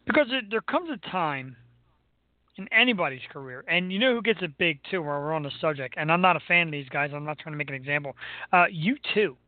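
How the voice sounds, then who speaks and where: A man's voice: a little high, animated, fast talker, no echo. Teasing man on a tinny line. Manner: joking, teasing. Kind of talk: casual chat. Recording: tinny phone-like line, dry.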